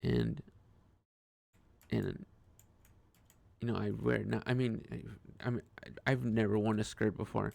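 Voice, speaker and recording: A man's voice: fairly low pitch, unhurried, gravelly, pauses often, darkish tone, no room sound. A man talking through a casual personal monologue, hesitant and rambling, with frequent restarts and swearing. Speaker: vlogger.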